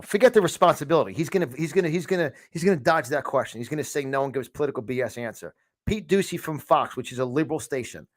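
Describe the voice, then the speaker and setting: A man's voice: a little high, expressive, fast talker. A man hosting a political podcast, ranting angrily and mocking as he comments over clips. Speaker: podcast host.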